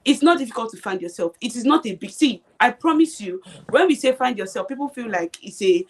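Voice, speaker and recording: A woman's voice: on the high side, lively intonation, fairly quick, few pauses. A young woman guest on a live stream, speaking emphatically and repeating her points, often checking that she is understood. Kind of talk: motivational live-stream chat.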